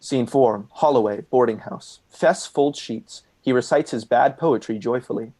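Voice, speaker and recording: Role: stage directions reader. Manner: plain, neutral. Pitch: middle. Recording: video call. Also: normal speed, dark tone.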